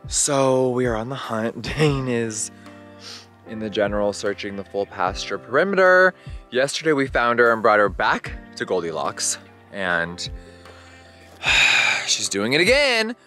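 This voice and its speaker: A chatty man narrates his vlog outdoors in a pasture and talks straight into a handheld camera. His pitch swings widely and his delivery is animated, with frank asides and casual swearing. Soft music plays faintly under his voice. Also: measured pace. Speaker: vlogger. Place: outdoors in a ranch pasture at dawn. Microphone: handheld camera mic.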